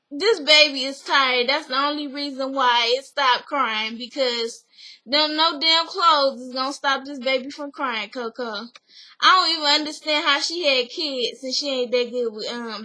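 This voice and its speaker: A young woman casually recapping a reality show, animated and slangy, acting out what the people said. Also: high-pitched, rough recording. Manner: animated, slangy, acts out quotes.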